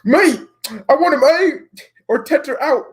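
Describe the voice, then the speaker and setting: A man doing an angry adult male football fan with a put-on British accent, shouting his complaints in a shrill voice that sits well above his own. The rant comes in loud, mocking outbursts, with some words yelled from further off the mic. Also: lively intonation, unhurried.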